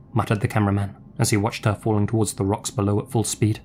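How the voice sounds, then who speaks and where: Low-voiced man narrating a documentary. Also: a little hiss or hum. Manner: measured, even storytelling. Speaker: narrator of the reacted video.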